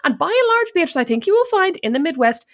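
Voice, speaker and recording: A woman's voice: very high-pitched, sing-song, fast. An Irish woman co-hosting a podcast, telling stories in a dry, mock-formal way. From Ireland. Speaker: podcast co-host. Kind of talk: casual chat.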